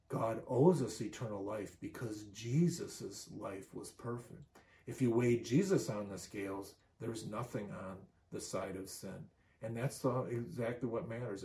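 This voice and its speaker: Male pastor, earnest sermon delivery, warm tone, roomy sound. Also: medium pitch. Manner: earnest, repeats phrases for emphasis. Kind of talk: sermon with closing prayer.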